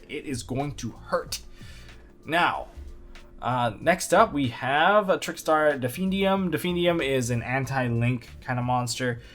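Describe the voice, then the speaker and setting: A man hosting a video, giving casual analysis commentary on a card game with animated, up-and-down delivery and dry sarcastic asides. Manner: animated, jumping between excited highs and low asides.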